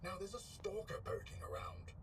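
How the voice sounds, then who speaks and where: An indignant, grumbling staffer at a research facility in video game dialogue. His voice sits fairly high and swings widely up and down as he complains. He sounds put out and self-important. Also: wildly swooping pitch, normal speed, noisy background. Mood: annoyed.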